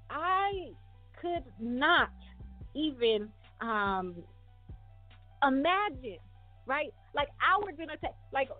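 Middle-aged woman hosting, chatty and animated, lots of slang, thin phone-line sound w/ faint music. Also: on the high side. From United States. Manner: animated, conversational, with slang and restarts. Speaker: host. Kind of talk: casual talk to viewers.

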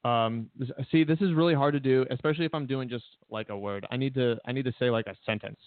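A man's voice: mid-range voice, fast, no room sound. A man co-hosting a casual political chat show, joking and hesitant, often stammering. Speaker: podcast co-host. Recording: dry, tinny phone-like sound.

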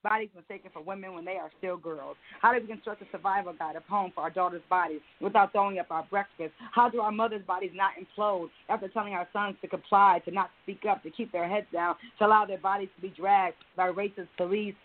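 A woman's voice: mid-range voice, steady tone, quick pace, hardly any pauses. A middle-aged woman poet performing spoken word in a rhythmic, chant-like cadence, then chatting as a guest. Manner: rhythmic, repetitive chant-like delivery. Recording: tinny phone-like line.

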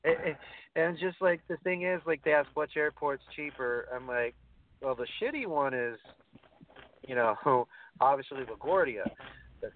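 A man's voice: a little high, moderate pace. A man with a New York accent hosts a casual chat, telling blunt, profane stories in a slightly raised voice. His voice comes through a tinny, phone-like line with a faint hiss behind it. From Brooklyn, New York. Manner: blunt, swearing, animated storytelling. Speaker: podcast host.

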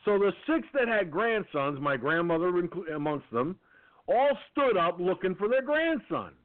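A man from Peekskill, New York, telling a long anecdote in a casual, animated way and acting out the voices. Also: high-pitched, normal speed, no room sound. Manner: animated storyteller, acts out the voices. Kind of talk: casual storytelling. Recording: tinny phone line.

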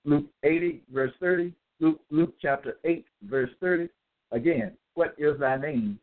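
A man delivering a scripture-citing monologue, reading out verse references and pausing to ask "okay?" as he goes. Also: fairly high pitch. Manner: deliberate, checks in with "okay?"; spells out capitals, hesitant fillers. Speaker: self-styled religious teacher. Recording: tinny phone-like audio.

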